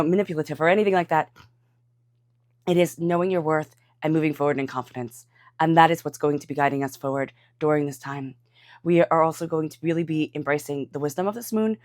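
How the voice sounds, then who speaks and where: A woman with a congested, stuffy voice, giving a calm tarot reading. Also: sits low, no room sound, studio quality. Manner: calm, soothing guidance. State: congested from a cold. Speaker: tarot reader.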